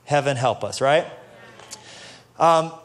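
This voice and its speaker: A man preaching a casual, joking sermon to a church audience, building up to loud, passionate peaks. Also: on the high side, slow. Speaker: pastor. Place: church stage before a live audience.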